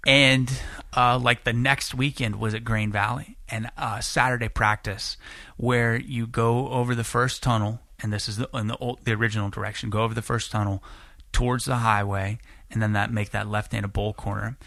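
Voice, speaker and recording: A podcast guest in his late twenties tells a long, rambling, profanity-laced story in casual chat, growing animated when acting out quotes. His mid-range voice has vocal fry and a moderate pace. The studio-quality audio has no echo.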